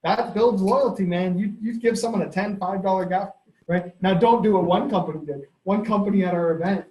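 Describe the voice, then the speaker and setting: A man, a company head giving a sales training in a lively, storytelling way. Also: high voice, fairly quick, dull audio. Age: 30s. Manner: energetic, conversational, storytelling with laughs. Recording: echoey room.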